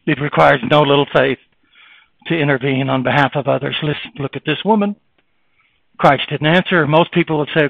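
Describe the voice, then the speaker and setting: A male preacher giving a sermon, reading scripture aloud and moving between hushed, low passages and raised, fervent preaching. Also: fairly quick, creaky, no room sound, rough recording.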